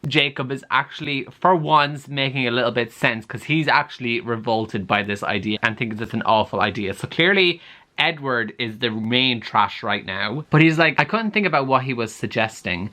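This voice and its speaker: A young man chatting casually in a reading vlog, animated and dramatically exasperated. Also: mid-range voice, moderate pace. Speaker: book vlogger.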